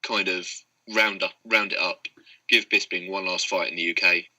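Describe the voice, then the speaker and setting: Guy hosting a podcast, real bright tone, laughs a lot. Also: deep voice, steady tone, normal speed, poor audio. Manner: laughs often, loose and joking. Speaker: podcast host and debate moderator. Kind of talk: casual chat.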